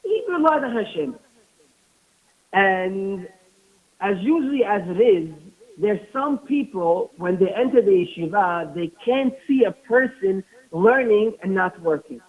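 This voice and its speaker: A man's voice: sits high, unhurried. A man giving a sermon who tells stories and asks rhetorical questions as he teaches. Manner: rhetorical questions, animated storytelling. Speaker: rabbi giving a talk. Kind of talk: sermon with storytelling. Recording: tinny phone-like lo-fi audio.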